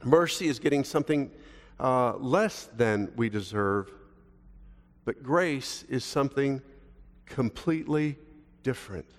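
An older male pastor delivers a sermon in a relaxed, conversational way and keeps asking the congregation questions. His voice sits at a middle pitch. A long reverb from a large church hall carries every phrase. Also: a little slow, pauses often.

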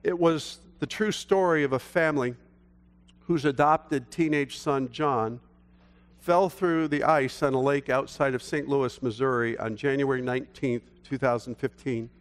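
A man's voice: medium pitch, measured pace. Man preaching in a reverberant church. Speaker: pastor. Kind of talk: sermon. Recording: long hall reverb.

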